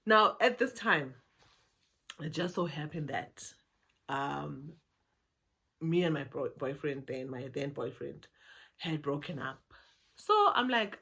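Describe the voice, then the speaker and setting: Chatty South African woman, lowish voice. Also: lively intonation, unhurried, gravelly, a bit bright, slightly rough. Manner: chatty, addresses viewers, laughs often. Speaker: YouTuber. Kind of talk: casual storytelling.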